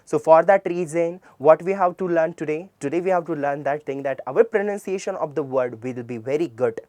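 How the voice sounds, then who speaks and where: A man's voice: fairly high pitch, fairly quick, a little mellow, no echo, clean studio sound. A man with an Indian English accent teaching English pronunciation. He spells words out letter by letter and repeats them with emphasis. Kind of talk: classroom lecture.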